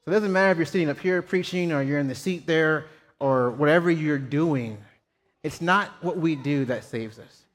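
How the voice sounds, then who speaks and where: A man's voice: a little high, normal speed. A man preaching a sermon, telling a personal story in a casual, self-deprecating way. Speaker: pastor. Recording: long hall reverb.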